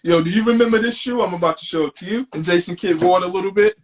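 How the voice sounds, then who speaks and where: High-voiced laid-back New man. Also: very fast, distant mic. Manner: laid-back, laughs often. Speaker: guest. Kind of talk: casual chat.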